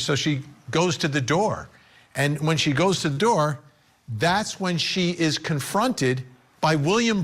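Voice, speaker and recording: A man's voice: a little high, a bit bright. A man hosting a legal news program, recounting a case in a conversational, emphatic way. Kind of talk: broadcast news commentary.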